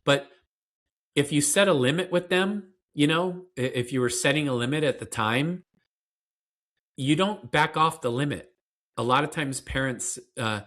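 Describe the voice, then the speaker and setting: A man's voice: medium pitch, a bit bright. A man being interviewed as a parenting expert, explaining in an earnest, conversational way with fillers and restarts.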